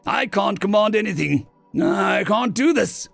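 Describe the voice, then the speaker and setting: A man voicing a panicking male alien general with mandibles, high-strung and melodramatic. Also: animated, unhurried, vocal fry, fairly bright tone, no echo, soft background music, exaggerated voice. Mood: despairing, hysterical.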